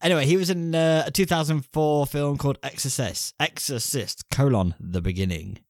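A man's voice: fairly high pitch, a little fast, darkish tone, no echo, clean studio sound. A man co-hosting a casual film review podcast, bantering crudely with rambling asides. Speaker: podcast co-host.

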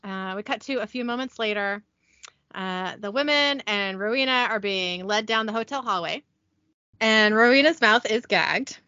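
A young woman hosting a podcast, casually recapping a TV episode from her notes, giggly and brisk. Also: medium pitch, pushed and bright, no room sound, muffled recording. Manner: giggly, reads scene descriptions briskly.

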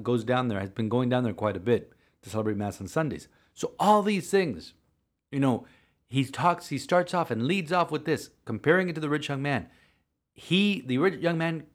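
A man, a priest co-hosting a podcast, telling a story earnestly in halting sentences full of restarts. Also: medium pitch. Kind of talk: casual podcast chat.

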